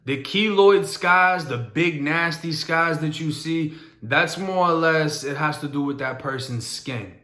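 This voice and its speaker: A man's voice: a little high, a little slow, hardly any pauses, bright, forceful tone, echoey room. A young man bluntly telling his own prison story in a casual, streetwise way. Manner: blunt, streetwise, matter-of-fact.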